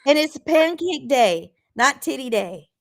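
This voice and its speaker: A woman's voice: high-pitched, big pitch swings, unhurried. A woman co-hosting a podcast, chatting casually, exclaiming and bursting into laughter. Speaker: podcast co-host. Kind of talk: casual chat.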